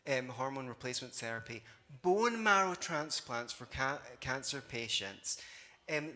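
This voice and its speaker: A man's voice: a little high, pushed and bright. A man giving a live conference talk, conversational and wry, with sarcastic asides. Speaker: conference speaker. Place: conference hall. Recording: long hall reverb.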